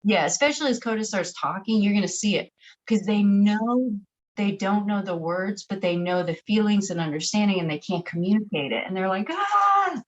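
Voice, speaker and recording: A woman's voice: mid-range voice, brisk, darkish tone. A woman who teaches shadow work, speaking as a podcast guest over a video call. She talks in a reflective, earnest way and uses a lot of "like". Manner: reflective, earnest, many filler "like"s. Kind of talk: casual interview chat. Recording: dull lo-fi video call audio.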